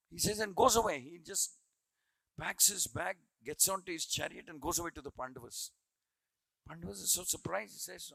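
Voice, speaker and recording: A man's voice: fairly high pitch, animated, brisk, creaky, fairly bright tone, husky, no echo, poor audio. A man giving a devotional scripture class, earnest, repeating phrases as he retells a story. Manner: earnest, repeats phrases while building a point.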